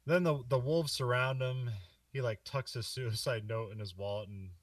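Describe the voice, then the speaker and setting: A man's voice: medium pitch, steady tone, normal speed, dry recording, distant mic. A man co-hosting a casual movie podcast, rambling through a plot recap with many fillers and frequent laughs. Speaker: podcast co-host.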